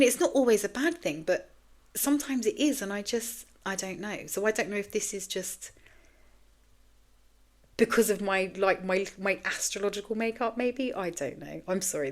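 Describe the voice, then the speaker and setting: A woman's voice: mid-range voice, moderate pace. A woman in her forties hosting a podcast, talking candidly and rambling in a raw, tearful state, swearing freely. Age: 40s. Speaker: podcast host. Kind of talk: casual confessional monologue.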